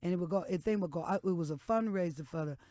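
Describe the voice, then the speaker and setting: A woman's voice: lowish voice, fast, warm tone, dry recording, studio quality. A woman blues singer, a guest on a radio interview, telling a story from her career and acting out the voices of the people in it. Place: radio studio.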